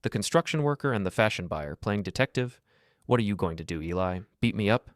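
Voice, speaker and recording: A man's voice: on the low side, lively intonation, brisk, no echo, studio quality, natural voice. Man doing a smug, taunting lover. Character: arrogant smug lover, smooth-talking and cruel.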